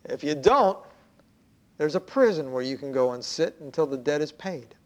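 Preacher doing a grave older-sounding master, lowered and hushed, measured delivery. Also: male voice, expressive, close to an everyday voice. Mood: firm. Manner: halting, low and measured. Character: stern male creditor softening to forgiving.

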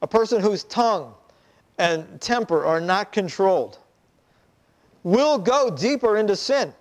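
A pastor, his voice pitched high, preaches at a measured pace while animatedly telling a story and taking on the voices of its characters.

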